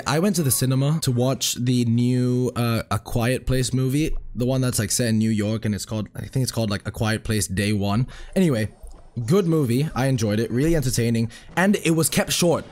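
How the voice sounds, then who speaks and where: A hoarse young man giving excitable, self-mocking live commentary while playing a mobile game, swearing often. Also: mid-range voice. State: hoarse, recovering from a lost voice.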